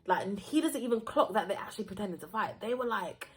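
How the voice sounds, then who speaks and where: Animated young woman telling a story. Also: medium pitch, fast talker. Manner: animated, acts out voices, laughs often. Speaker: vlogger. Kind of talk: casual storytime.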